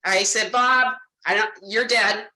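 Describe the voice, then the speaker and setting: Woman, insurance sales trainer, animated and direct, acts out client talks, bright forceful voice. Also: mid-range voice, slow, roomy sound, low-quality recording. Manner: animated, direct, addresses audience as "guys". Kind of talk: sales training talk with role-played client dialogue.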